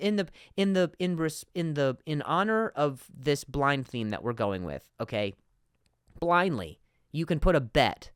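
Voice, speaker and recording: A man hosting a comedy podcast, ranting in an animated monologue with frequent stutters and asides. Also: a little high, smooth, no room sound, studio quality.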